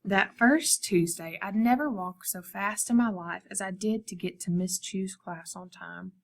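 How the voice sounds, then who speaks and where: A woman art teacher reading a picture book aloud to her students, expressive and speaking to them directly. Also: medium pitch, unhurried.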